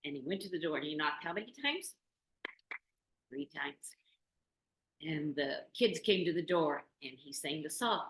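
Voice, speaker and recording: Woman storyteller, expressive, slightly low voice, roomy meeting room, asks listeners questions. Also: measured pace, long pauses. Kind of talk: oral storytelling of a folk tale. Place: meeting room in a community venue.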